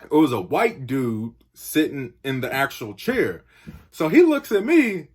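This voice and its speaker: Animated young man telling a story. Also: medium pitch, a little slow, slightly rough. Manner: animated, acts out quotes with sound effects. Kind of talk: casual storytelling.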